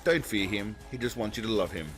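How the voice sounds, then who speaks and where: A man doing a deadpan, sarcastic comedy voice-over that mocks the footage. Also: lowish voice, brisk, over music. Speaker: comedy narrator. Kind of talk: mocking commentary voice-over.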